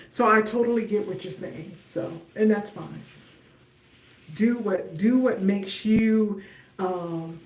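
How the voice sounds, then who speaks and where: A woman's voice: medium pitch, recorded from a distance. A middle-aged woman hosting a casual livestream while she styles her hair. She talks chattily and directly to her viewers, with some talk about her faith. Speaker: livestream host. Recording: roomy echo, voice off-mic.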